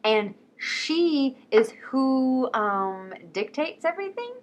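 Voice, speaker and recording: A woman talking casually and excitedly about books, quick and swearing freely. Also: sits high. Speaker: book vlogger. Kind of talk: casual chat.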